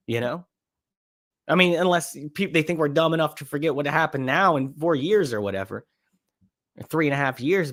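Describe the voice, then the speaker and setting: A man's voice: a little high, a bit bright. A man hosting a live podcast stream, chatting in a laid-back, rambling way as he reacts to clips. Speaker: livestream podcast host. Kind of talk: casual live-stream commentary.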